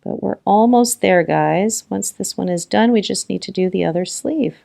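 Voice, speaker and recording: A woman with a mid-pitched voice and a gravelly edge leads a relaxed crochet lesson. She chats through each step and counts stitches out loud. She keeps reassuring the viewer with an easy, friendly tone. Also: normal speed. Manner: chatty and encouraging, counting stitches aloud, laughs often. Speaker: crochet tutorial host. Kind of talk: casual step-by-step crochet demonstration.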